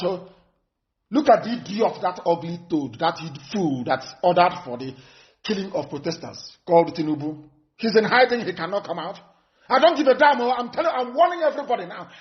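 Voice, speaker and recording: A Nigerian-accented man delivers a fiery broadcast address in a voice pitched high for a man. He is scornful and emphatic, hammering phrases again and again. The recording is dull and lo-fi. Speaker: political activist. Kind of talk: impassioned live broadcast speech.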